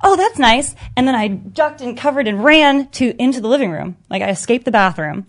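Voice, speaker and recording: A young woman in her twenties, chatting casually as she tells an animated story and lifts her pitch when she quotes herself. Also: brisk. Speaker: guest storyteller. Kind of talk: casual chat.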